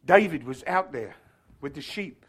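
A man preaching a sermon, swinging from loud shouted passages to quiet, chatty, humorous asides. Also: on the high side, animated, measured pace, husky. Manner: tells stories with humor.

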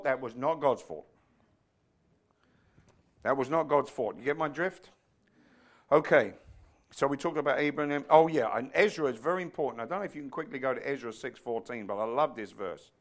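A man preaching a sermon in a fervent way, building to loud, emphatic lines. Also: fairly high pitch. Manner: fervent, rising to shouts.

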